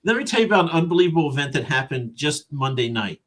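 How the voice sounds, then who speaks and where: A man co-hosting a podcast as an author, chatting casually and telling animated, self-deprecating stories. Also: fairly high pitch, fast talker, a little hiss or hum. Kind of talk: casual chat.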